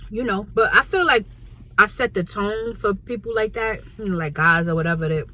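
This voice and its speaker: A woman's voice: mid-range voice, a little fast, bright, forceful tone. Chatty New York woman vlogging. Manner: slangy, chatty, blunt. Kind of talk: casual storytelling vlog. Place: Chinese restaurant, indoors.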